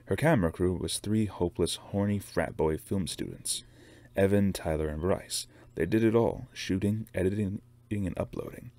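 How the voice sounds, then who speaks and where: A man narrates a novel aloud in a steady, measured reading. His voice sits very low. He reads as the host of his own book-reading series. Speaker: reader.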